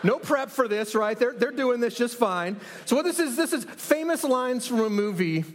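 A man's voice: extremely high pitch, animated, normal speed, background noise. A man leading a sermon opening from a church stage, chatty and upbeat, laughing often as he runs a game with the congregation on a handheld microphone. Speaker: pastor.

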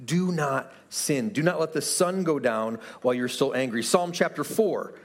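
A man's voice: medium pitch, normal speed. A pastor giving an earnest, conversational sermon to his church, asking the room rhetorical questions. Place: church sanctuary.

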